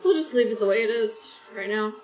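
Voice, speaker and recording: Woman streamer, rambling easy chat; mic set back in a roomy space, soft game music underneath. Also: fairly high pitch, fairly quick, recorded from a distance. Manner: rambling, chatty, talks to chat viewers. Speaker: gaming streamer. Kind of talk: casual chat while playing a game.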